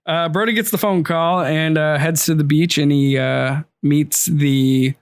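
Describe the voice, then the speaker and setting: A man's voice: fairly high pitch, steady tone, unhurried, creaky, smooth, dry recording. A man on a podcast, recapping a movie's plot in casual chat and laughing often. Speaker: podcast host.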